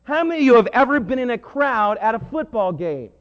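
A man preaching a sermon with emphatic delivery, swinging between hushed and loud. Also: extremely high pitch, big pitch swings, a little fast. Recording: muffled sound with long hall reverb.

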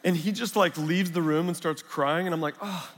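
A man's voice: fairly high pitch, steady tone, fairly quick, a bit bright. A man preaching a sermon, mixing chatty storytelling and humor with Scripture. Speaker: pastor. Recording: long reverb of a large hall.

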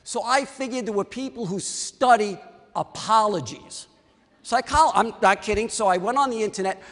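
A man, an orthodontist, telling a story to an audience and acting out the dialogue in a lively way. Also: sits high, normal speed, big-room sound.

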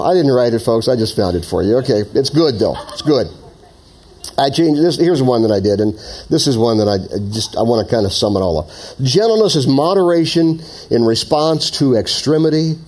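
A man preaching a sermon as pastor, joking with the congregation and then praying quietly. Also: medium pitch. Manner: jokey and animated, then hushed and earnest in prayer.

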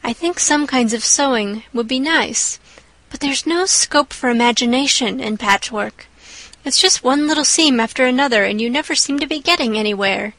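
A woman's voice: a little high, a bit bright, no echo. A woman voicing an eleven-year-old orphan girl, imaginative and chattering, who speaks breathlessly and gushes in her audiobook reading. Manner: breathless, gushing, rapturous.

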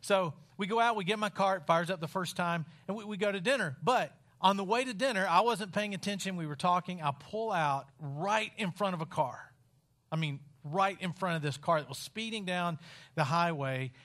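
A man from West Virginia preaching a sermon in a wry, conversational storytelling style with dramatic pauses. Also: high-pitched, a bit bright.

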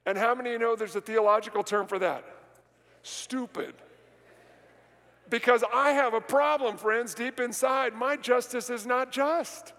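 A man preaching a sermon as a pastor, often asking the congregation questions and pausing for them to answer. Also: very high voice, a bit bright. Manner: asks the congregation rhetorical questions and pauses for answers. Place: large church sanctuary. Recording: long hall reverb.

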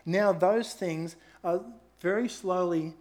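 A man's voice: high-pitched, takes it slowly, a little mellow. A middle-aged man, preaching a sermon through personal stories, earnest and conversational with emphatic rises. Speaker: pastor.

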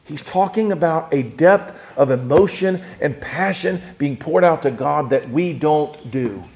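A man preaching a sermon, dropping to soft low asides and then climbing into impassioned cries as he acts out prayers. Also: unhurried. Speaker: pastor.

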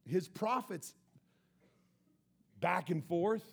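A man preaching a sermon, emphatic, rising loud then dropping soft. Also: sits high, animated, very slow, creaky, breathy edge. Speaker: pastor.

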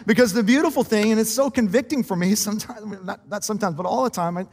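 A man who is a pastor, preaching a sermon in a relaxed, conversational and self-deprecating way, laughing often. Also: high-pitched, fast, in a large hall. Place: church sanctuary.

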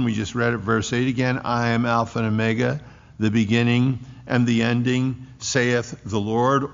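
A man's voice: medium pitch, gravelly. A man preaching a sermon as pastor, emphatic and repeating key phrases for weight, in a church sanctuary. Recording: dull lo-fi recording with long hall reverb.

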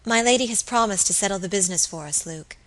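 A nervous young servant woman speaks softly and hesitantly, eager to placate, in a woman's reading. Her tone is bright and her words are pleading. It sounds like a storybook. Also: medium pitch, quick pace, natural voice. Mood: anxious. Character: timid young female servant, anxious and conciliatory.

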